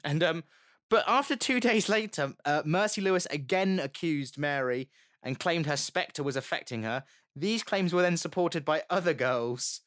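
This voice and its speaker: A man's voice: fairly high pitch, normal speed. A young man telling a history story in casual chat, joking and slipping into silly voices. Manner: lively, jokey, slips into silly voices. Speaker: podcast co-host.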